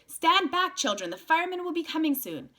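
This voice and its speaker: A woman reading aloud and voicing a friendly grown man who calls out loudly to children. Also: sits high, sing-song, brisk, voice pushed up. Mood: urgent shouting. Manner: loud, hearty, calling out.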